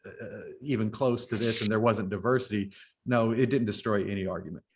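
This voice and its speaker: Man co-host arguing a point calmly. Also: lowish voice, a little fast. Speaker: podcast co-host. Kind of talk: casual review discussion.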